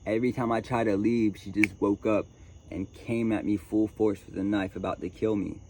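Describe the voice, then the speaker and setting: A man vlogging outdoors, telling a story in a lively way and talking straight to his viewers. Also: fairly low pitch, normal speed, a little hiss or hum. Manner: animated, addresses viewers as chat and y'all. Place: outdoors at a tent camp.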